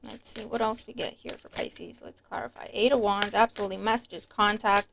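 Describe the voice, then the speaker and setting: A tarot reader gives her viewers a casual reading, chatty and emphatic, occasionally launching into a rant. Her mid-range voice is gravelly, steady in tone and fairly quick, with background noise behind it.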